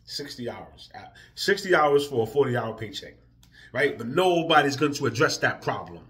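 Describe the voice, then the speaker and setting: A man ranting emotionally in a profane vlog, drifting from quiet, weary talk to loud, heated outbursts. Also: medium pitch, expressive, normal speed. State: emotional, near tears. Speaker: vlogger.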